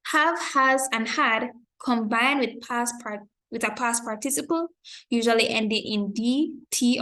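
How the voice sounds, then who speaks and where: Woman teacher going over grammar online, slow careful delivery, a bit high, fixes her own slips. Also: a bit bright. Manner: slow, careful explanation with example sentences; corrects herself and apologizes for slips.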